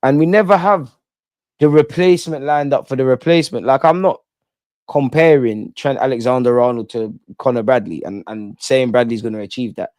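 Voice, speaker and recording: Young male host, casual football stream chatter, slangy and animated, dry close sound. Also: mid-range voice, moderate pace, no echo. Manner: slangy, animated, says "man" a lot. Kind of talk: casual live-stream chat.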